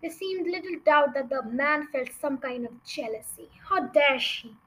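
A woman's voice: high-pitched, lively intonation, moderate pace, low-quality recording. A young woman reading a children's novel aloud as a storyteller, with chatty asides to her listeners.

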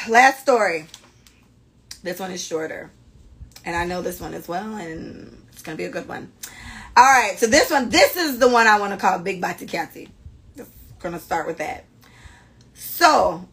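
A woman's voice: lowish voice, fairly bright tone, husky. A woman co-hosting a casual podcast, blunt and profane as she reads out and reacts to listener stories. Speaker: podcast co-host.

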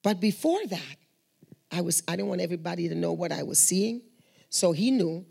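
Female testimony speaker, earnest and conversational, raspy with a bit of fry. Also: fairly low pitch, expressive, normal speed, warm tone. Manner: earnest, conversational, acts out quoted voices. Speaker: Christian speaker sharing prayer testimonies. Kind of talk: spoken testimony storytelling.

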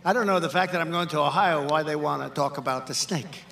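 An older man giving a political rally speech, emphatic and repetitive, often shouting. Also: on the high side, fast talker, vocal fry, recorded from a distance, a little hiss or hum. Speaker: political speaker.

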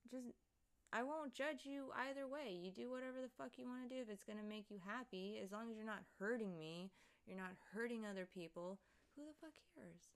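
A woman's voice: a little high, a little fast, smooth. A young woman livestreaming, chatting casually and rambling with lots of swearing and laughing asides as she reads the chat.

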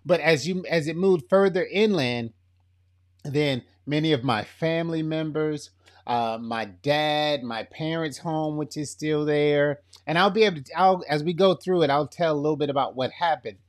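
A middle-aged man with a slightly country Florida accent hosts a faith podcast, his voice sitting a little on the high side. He talks in a chatty, upbeat way, stumbling through fillers and restarts as he goes. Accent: Florida, slightly country Southern. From Florida, USA. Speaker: podcast host. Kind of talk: casual faith podcast talk.

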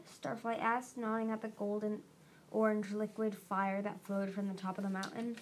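A woman reading a fantasy novel aloud as an amateur audiobook, steady with small restarts. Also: mid-range voice, normal speed. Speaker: audiobook reader.

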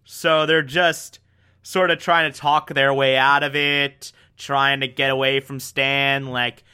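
A man's voice: mid-range voice, flat delivery, slow, bright, forceful tone, smooth. A man giving a passionate, casual recap of a TV episode, peppered with "like". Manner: passionate, lots of "like" fillers. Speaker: TV show reviewer.

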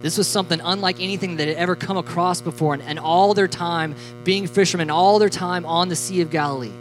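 Animated, joking youth preacher. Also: medium pitch, fast, soft background music, rough recording. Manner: animated and joking, with frequent laughs and fillers. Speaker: youth pastor. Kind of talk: youth sermon.

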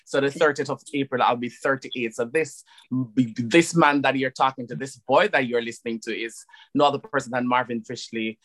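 A Jamaican man in his late thirties, a podcast guest talking in a relaxed, effusive way with many fillers. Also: mid-range voice, brisk, rough recording. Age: 30s. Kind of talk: casual podcast chat.

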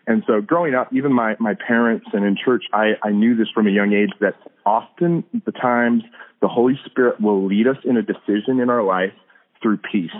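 A man with a lowish voice speaks at a normal speed over a tinny, phone-like line. As a podcast guest, he talks earnestly and casually about hearing God, often restarting and using fillers.

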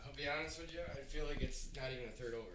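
A man's voice: mid-range voice, rapid-fire, fairly bright tone, rough recording. A man chatting with friends on a podcast, dropping in dry remarks. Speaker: guest, friend of host. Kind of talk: casual chat among friends.

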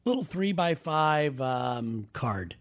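A man with a fairly high speaking voice hosts a relaxed chat show. He rambles through jokey anecdotes in an easygoing, conversational way. He often stops to tease his co-host. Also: takes it slowly. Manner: joking, rambling storyteller. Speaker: podcast co-host. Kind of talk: casual chat.

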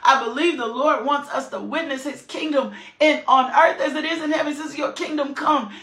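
A woman preacher delivering an impassioned sermon, shouting and whooping as she urges her listeners on. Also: high voice, moderate pace. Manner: fervent, shouting, whooping exclamations. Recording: echoey room.

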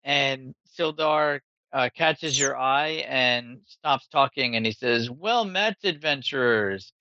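A man running a tabletop game, speaking slowly and pausing often. His voice is very bright and forceful. The sound is dry and a little dull. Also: medium pitch, steady tone, no room sound. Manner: slow, halting narration with frequent fillers. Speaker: game master.

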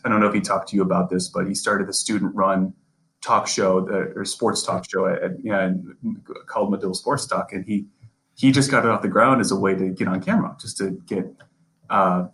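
A man's voice: lowish voice, a bit bright, poor audio. A young man, a sports reporter, talking earnestly as a podcast guest, often repeating and restarting words. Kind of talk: casual interview conversation.

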